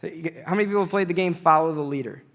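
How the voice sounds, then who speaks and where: A man preaching a sermon in an animated way, acting out conversations with God as he speaks. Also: on the high side, quick pace, gravelly. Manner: animated, acts out dialogues with God.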